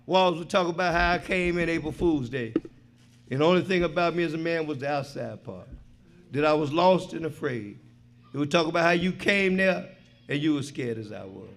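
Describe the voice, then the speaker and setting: Before an audience in a meeting hall, a middle-aged man shares his recovery story in a high, gravelly voice at normal speed. Full of street slang and swearing, he booms the punchlines and drops low and quiet when reflecting. There's slight background noise.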